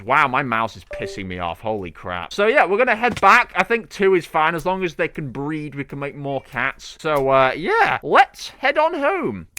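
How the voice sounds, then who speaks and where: Lively excitable young man gaming. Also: mid-range voice. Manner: excitable, chatty, swears freely. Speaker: gaming channel host. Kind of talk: let's play commentary.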